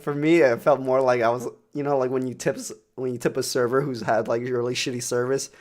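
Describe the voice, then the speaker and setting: A man's voice: mid-range voice, fairly quick. A young man co-hosting a podcast, telling rambling, profane stories in casual chat with lots of fillers. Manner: rambling, profane, animated storytelling with many fillers. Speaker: podcast co-host.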